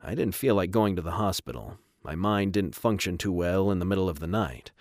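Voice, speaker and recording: A man narrating a first-person audiobook in an even, measured reading. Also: low-pitched, no room sound, studio quality.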